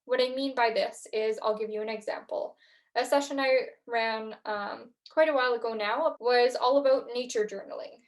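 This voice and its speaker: A young woman hosting a podcast, talking gently through reflection and a guided breathing practice, with frequent fillers. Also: a little high, steady tone, normal speed. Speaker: podcast host. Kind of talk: guided mindfulness talk.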